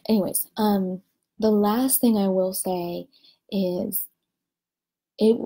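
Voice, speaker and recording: Woman Spanish teacher from New Orleans, husky mellow voice with some fry, chatty and emphatic on a live stream. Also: mid-range voice. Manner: animated, emphatic storytelling. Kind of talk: casual live-stream chat.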